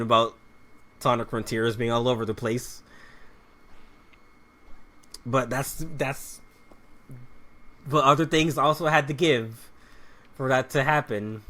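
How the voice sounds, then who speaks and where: A man's voice: mid-range voice, a bit bright. A man giving casual commentary while playing a video game, rambling loosely with restarts and muttered asides about what he is playing. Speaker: let's play commentator.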